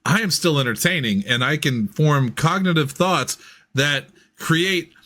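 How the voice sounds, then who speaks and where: A man's voice: a little high, expressive, unhurried, sharp tone. A man hosting a casual comedy podcast, playful and joking with his co-host. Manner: playful, mock-announcer delivery.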